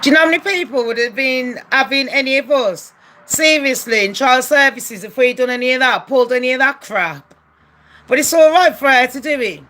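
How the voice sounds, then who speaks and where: A woman delivers a blunt, profane opinion rant straight to her viewers. Her voice sits high and she keeps hammering home her points with heated rhetorical questions. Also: fairly quick, pushed and bright. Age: adult. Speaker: commentary vlogger.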